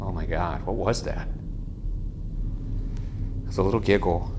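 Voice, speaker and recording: A man hosting a ghost hunt in an old house, calling out loudly one moment and muttering quietly the next. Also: low-pitched, a little slow, background noise. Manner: jumpy, swings between hushed muttering and loud calling out. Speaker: ghost hunting show host. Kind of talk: solo ghost hunt narration.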